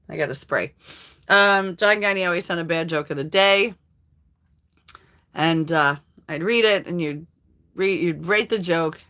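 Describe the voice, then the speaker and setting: Middle-aged lady chatting on her live stream, bright voice, laughs a lot, reads out viewer comments. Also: on the low side, a little slow. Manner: chatty, laughs often, talks to viewers by name. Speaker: livestream host reading viewer comments. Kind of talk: casual live-stream chat.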